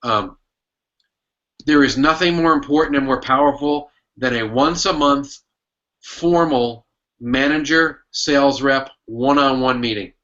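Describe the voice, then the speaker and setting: A man with a mid-range, slightly bright voice answers podcast interview questions; he's a sales consultant and author. He tells stories emphatically and acts out lines from his old manager. The recording's high frequencies are cut off.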